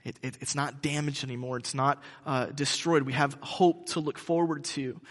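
A male pastor giving a conversational sermon, halting with frequent restarts. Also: mid-range voice, steady tone, a bit bright, big-room sound.

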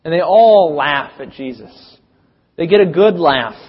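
Male preacher, dramatic storyteller, slightly high, muffled sound. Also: animated, unhurried, breathy edge. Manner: storytelling, dramatic swings in loudness. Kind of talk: sermon. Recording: dull sound with long reverb.

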